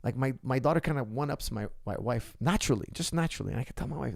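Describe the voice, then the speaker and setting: A man's voice: medium pitch, fast, vocal fry, few pauses, no echo, clean studio sound. A man in his forties, a martial arts coach, answering viewer questions in an emphatic way and often checking in with "okay?". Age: 40s.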